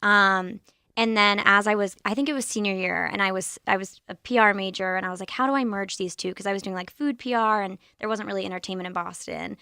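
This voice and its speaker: A young woman with a bright, clear voice tells stories with animated energy, acting out quoted lines. The sound is dry and close to the mic. She is chatting as a podcast guest. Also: medium pitch, fast talker, dry recording. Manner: animated, quoting others in lively voices. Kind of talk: casual chat, storytelling.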